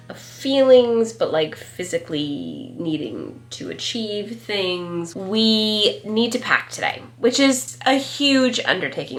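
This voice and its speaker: A woman's voice: mid-range voice, a bit bright. A woman in her thirties with a head cold and a stuffy nose, chatting casually and rambling to camera as a family vlogger on a clip-on mic. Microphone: wireless clip-on mic.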